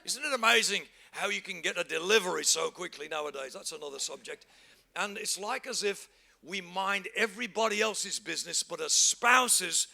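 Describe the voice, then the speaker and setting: Gravelly, bright-voiced pastor preaching. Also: male voice, high-pitched, lively intonation, normal speed. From England. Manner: humorous, acts out everyday scenes, shouts for emphasis. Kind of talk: sermon.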